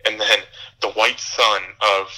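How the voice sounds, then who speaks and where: A man's voice: fairly low pitch, level tone, measured pace, bright, forceful tone, rough recording. A young man co-hosting a podcast, giving an angry, profane rant with laughs. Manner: ranting, profane, laughing through bits. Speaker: podcast host. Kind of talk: casual film review chat.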